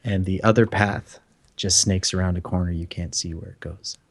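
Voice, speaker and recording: Husky deep-voiced man running a game. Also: steady tone, moderate pace. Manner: describes scenes with many fillers and self-corrections. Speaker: dungeon master. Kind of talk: narrating a tabletop game.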